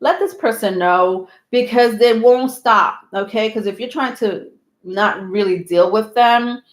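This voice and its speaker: A chatty woman reading tarot cards live to her viewers, her talk loose and full of fillers, breaking into laughs now and then. Her voice sits at a middle pitch and rings in an echoey room. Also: unhurried. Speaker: tarot reader.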